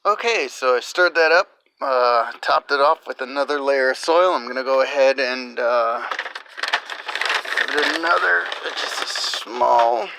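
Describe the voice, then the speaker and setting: A man filming a casual gardening vlog outdoors on his small deck, talking in a halting, rambling way with lots of fillers and restarts. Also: mid-range voice, vocal fry, background noise. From New Jersey. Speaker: home gardener.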